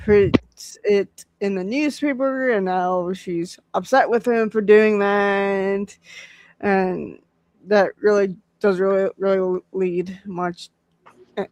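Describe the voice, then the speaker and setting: A man chatting casually on a podcast, talking haltingly with many fillers and restarts. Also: high voice, a little mellow, dry recording. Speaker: podcast host. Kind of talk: casual chat.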